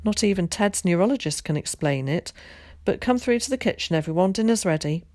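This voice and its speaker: A woman voicing a brisk storybook mum. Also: mid-range voice, animated, darkish tone, no room sound, studio quality, lightly acted. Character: warm capable mum hosting family dinner.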